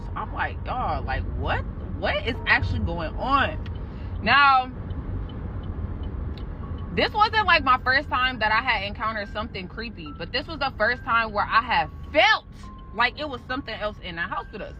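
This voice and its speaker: A woman's voice: on the high side, expressive, moderate pace, bright, forceful tone, a little hiss or hum. A young woman animatedly telling a scary true story about her job, cursing and talking straight to the listeners. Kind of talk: casual spoken storytelling. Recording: muffled audio with music underneath.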